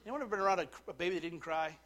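A man preaching a sermon, dropping to quiet asides and rising to loud, slowed declarations. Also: sits high. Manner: slows right down to stress key words. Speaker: pastor.

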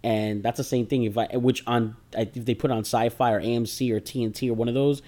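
A man chatting casually about films with friends, laughing often and breaking into loud impressions. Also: medium pitch, fairly even intonation, fast talker. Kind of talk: casual chat.

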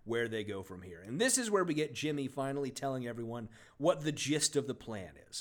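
Animated sarcastic man, bouncy pitch. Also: brisk, hardly any pauses. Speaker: podcast co-host reviewing a book. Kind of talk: casual comedic chat with read-aloud passages.

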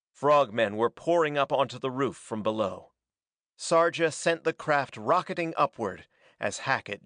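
A man reading a pulp adventure story aloud as a dramatic, steady narrator. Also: mid-range voice, no room sound, studio quality. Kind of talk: scripted audiobook narration.

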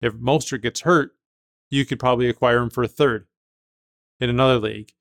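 A man's voice: medium pitch, fairly even intonation, a little fast, creaky, dry recording, studio quality. Man explaining trades in casual chat. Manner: emphatic, thinks aloud with restarts. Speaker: podcast host.

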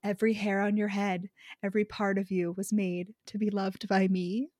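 A woman's voice: medium pitch, flat delivery, moderate pace, a little mellow, no room sound, clean studio sound, lightly acted. A woman voicing a passionate, possessive male romance hero who vows and swears intensely. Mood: tender.

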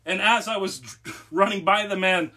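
A young man co-hosting a podcast, telling a story in an animated, laughing way. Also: sits high, normal speed. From Massachusetts, USA. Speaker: podcast co-host. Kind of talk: casual podcast chat.

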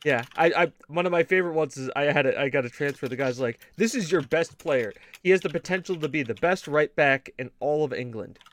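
Higher-voiced man telling rambling gaming stories. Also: fairly quick, hardly any pauses, a bit bright. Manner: rambling storyteller, swears, laughs often. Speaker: podcast co-host. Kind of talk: casual gaming chat.

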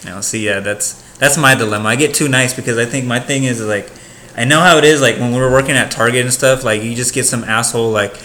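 A young man talks through a story in a bright, forceful voice, casual and profane. He keeps it lively. There's a faint hiss under the recording. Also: quick pace. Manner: animated storyteller, mimics customers in high voices, swears a lot. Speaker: podcast co-host. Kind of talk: casual chat.

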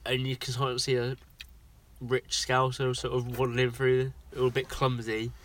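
A man's voice: medium pitch, monotone, normal speed, a bit bright. A young man from England co-hosting a podcast in casual chat, rambling and laughing often. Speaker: podcast co-host.

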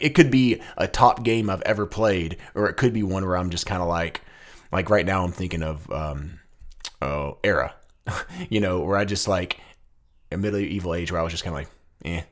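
A man co-hosting a casual podcast chat, hesitant and trailing off with fillers. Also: low voice. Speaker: podcast co-host. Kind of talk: casual chat about board games.

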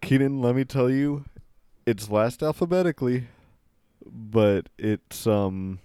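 A man's voice: mid-range voice, slow pace, smooth, no room sound, clean studio sound. A man co-hosting a podcast, chatting casually and reacting to clips with a lot of swearing and laughter. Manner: profane, animated, laughs a lot. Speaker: podcast co-host.

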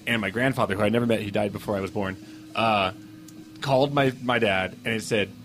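A man's voice: on the low side, a little fast, a little hiss or hum. A man co-hosting a casual podcast, telling funny family stories. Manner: storytelling, animated. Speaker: podcast co-host.

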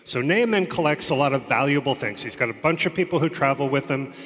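A man's voice: medium pitch, animated, fast talker, fairly bright tone. A man preaching a sermon, retelling a scripture story in a chatty way with joking asides. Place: church. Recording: long reverb of a large hall.

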